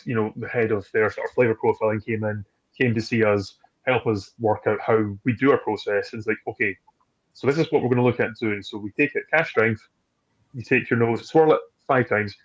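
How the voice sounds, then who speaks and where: A man chatting casually as a distillery guest, telling rambling, animated stories and acting out what others said. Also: fairly low pitch, dull audio. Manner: rambling, animated storytelling with acted-out quotes. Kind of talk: casual chat.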